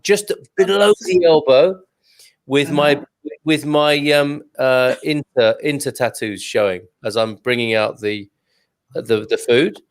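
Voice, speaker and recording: A man's voice: mid-range voice, takes it slowly. A man in his forties hosts a wine club chat, joking and wandering into rambling asides. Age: 40s. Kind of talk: casual online group chat.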